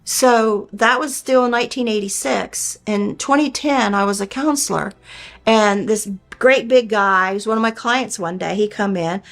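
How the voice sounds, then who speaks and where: A woman's voice: mid-range voice, moderate pace, vocal fry, hardly any pauses, fairly bright tone. An older woman earnestly recounting a personal experience in plainspoken, folksy speech. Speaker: storyteller recounting a near-death experience. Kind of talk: personal storytelling.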